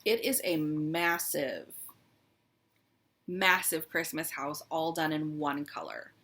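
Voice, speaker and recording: A woman's voice: deep voice, slow pace, fairly bright tone. A woman chatting casually as she shows her stitching projects, fond and a little wistful, with frequent "um"s. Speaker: cross-stitch vlogger. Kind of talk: casual show-and-tell chat.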